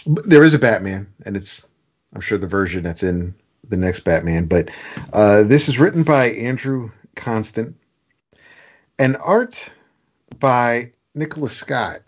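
A man's voice: fairly low pitch, animated, a little slow, slightly rough. A man chatting casually about comic books on a podcast, hesitant and full of fillers. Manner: hesitant, filler-heavy, trailing off. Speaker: podcast co-host. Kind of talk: casual comic book chat. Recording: dull lo-fi audio.

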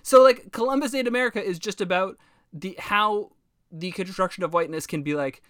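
Guy on a podcast, kinda high voice, swears a lot, super animated, dry close sound. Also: fairly quick, dry recording. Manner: animated, profane, acts out quoted voices. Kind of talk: casual history chat.

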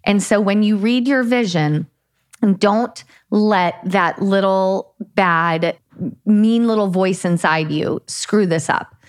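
A woman's voice: mid-range voice, slow pace. A woman co-hosting a podcast, talking in an earnest, coaching way and laughing easily. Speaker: podcast co-host. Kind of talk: casual podcast chat.

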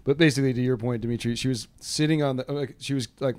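A man's voice: medium pitch, steady tone, fast, clear, resonant tone. A man co-hosting a podcast, telling a story with jokes and laughter in casual banter. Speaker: podcast co-host.

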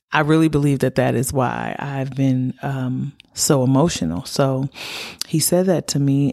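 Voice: medium pitch, dark tone. A podcast host talking openly and from the heart in a personal monologue, rambling with many "like"s.

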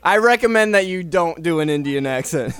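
A man's voice: a little high, expressive, brisk, fairly bright tone. Hesitant man hosting a comedy podcast. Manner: hesitant, full of ums. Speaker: podcast host.

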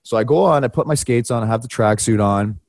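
A man co-hosting a podcast, telling a story in a casual, animated way with wide swings in pitch and some casual swearing. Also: quick pace, dry recording. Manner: animated, swings his pitch widely when retelling. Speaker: podcast co-host and hockey broadcaster.

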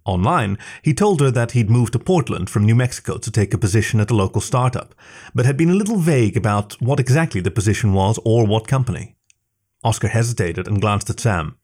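A man reading a story aloud in slow, even narration. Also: fairly low pitch, husky. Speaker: story reader. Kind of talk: scripted narration.

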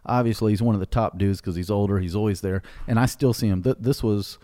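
Middle-aged guy, podcast host, mellow voice, swears a lot while telling a story, dry close sound. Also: lowish voice, quick pace, no echo. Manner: blunt, profane, animated retelling. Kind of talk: casual storytelling.

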